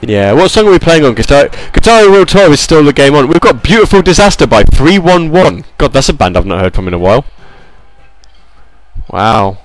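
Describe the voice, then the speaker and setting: A man's voice: on the high side, sing-song, a little fast, low-quality recording. A man hosting a gaming and music stream, chatting casually and rambling with fillers and asides. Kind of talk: casual chat.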